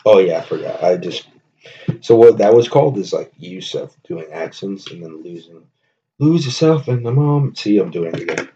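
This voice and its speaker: A man's voice: deep voice, animated, normal speed, mellow, highs cut off. A man hosting a solo comedy podcast, rambling and joking with lots of profanity. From New Jersey. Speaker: podcast host. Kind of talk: casual comedy monologue.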